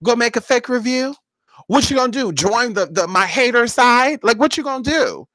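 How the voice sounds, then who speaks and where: A woman's voice: on the high side, expressive, moderate pace, a bit bright, dry recording. A woman who does paid spiritual casework, chatting bluntly and sassily with viewers on a live stream and calling them honey.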